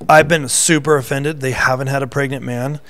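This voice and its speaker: A man's voice: mid-range voice, steady tone, fairly quick, fairly bright tone. A man co-hosting a casual faith podcast, teasing his co-host and reading news headlines aloud in a playful quiz. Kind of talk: casual chat, quiz game.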